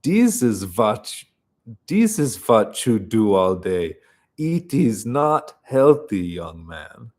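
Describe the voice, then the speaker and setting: A man reading aloud, voicing an imaginary figure that scolds in a put-on French accent, slow and drawn-out. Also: on the low side, very animated, darkish tone. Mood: scolding. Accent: mock French.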